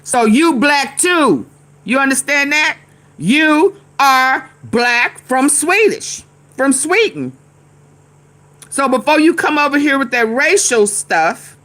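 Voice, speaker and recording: A woman's voice: sits high, expressive, slow pace, pauses often, a bit bright. A woman, commenting heatedly on a news clip and calling out her chat. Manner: heated, talks back to the screen and commenters. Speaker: commentary streamer. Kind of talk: casual reaction commentary.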